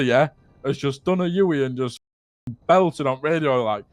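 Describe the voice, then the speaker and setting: A man's voice: medium pitch, animated, normal speed, no echo. A young man telling a rambling, sweary story to friends, laughing as he goes. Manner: rambling, swears a lot, keeps laughing at his own story. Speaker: roleplay player telling a story. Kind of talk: casual in-character storytelling.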